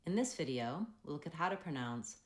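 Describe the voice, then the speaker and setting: A woman with an American accent teaching pronunciation in an instructional video, slowly and carefully modeling vowel sounds. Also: sits low, lively intonation. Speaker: accent coach. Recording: roomy echoey recording.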